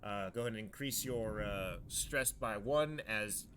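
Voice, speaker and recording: Low-voiced man running a tabletop game. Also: fairly bright tone, a little hiss or hum. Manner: halting, many fillers and restarts. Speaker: game master.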